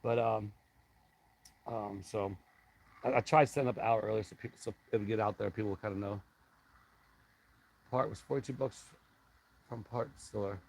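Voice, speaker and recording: A man's voice: fairly low pitch, fairly even intonation, gravelly, a little mellow, low-quality recording. Rambling man chatting on a live stream. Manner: rambling, halting, reads viewer comments aloud. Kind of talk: casual live-stream chat with viewers.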